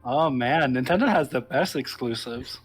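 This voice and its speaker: A man's voice: medium pitch, moderate pace, breathy edge, soft background music. A man streaming a game with a friend, joking and teasing in casual banter. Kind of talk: let's play banter.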